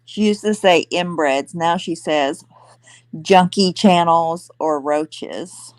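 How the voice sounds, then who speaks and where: A woman with a slightly low voice talks very slowly in a casual chat, musing and trailing off mid-thought. Her recording sounds dry and close. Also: no echo.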